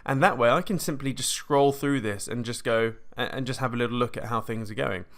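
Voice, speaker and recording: A British man hosting a casual live screen-share tutorial on crypto trading, rambling and chatty, often correcting himself mid-sentence and clearing his throat. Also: medium pitch, brisk, fairly bright tone.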